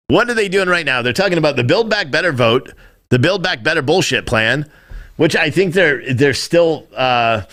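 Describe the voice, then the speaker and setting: A man in his thirties with a medium-pitched, slightly bright voice hosts a news show on live stream. He rambles and swears in casual commentary while reading the chat.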